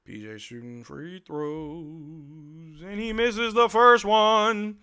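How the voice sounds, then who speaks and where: A man hosts a live stream, calling a game play by play as a fed-up fan. His voice sits a little high and has a sharp, forceful edge. He talks bluntly and uses slang. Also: slow, clean tone. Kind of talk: casual fan play-by-play commentary.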